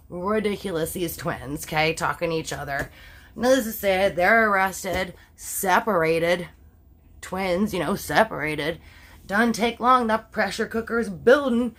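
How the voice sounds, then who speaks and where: Chatty woman telling a crime story, swears then takes it back, mid-pitched. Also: measured pace, a bit bright. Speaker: storytime host. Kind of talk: casual true-crime storytelling.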